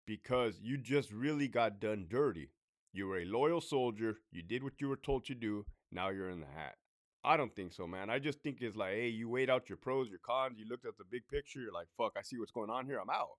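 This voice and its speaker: Blunt, profane former prison officer. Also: male voice, lowish voice, lively intonation, normal speed, no room sound, studio quality. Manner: blunt, profane, conversational, with frequent "right?" asides. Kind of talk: casual talk to camera.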